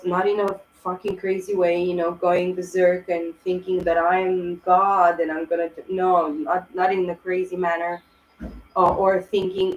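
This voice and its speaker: A woman talks through a tarot reading in a rambling, heartfelt way, full of fillers and restarts. Her voice sits low and keeps a flat, even pitch. The echoey room carries a faint hiss behind her. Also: unhurried. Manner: rambling, emotional, many fillers. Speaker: tarot reader. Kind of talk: casual tarot reading monologue.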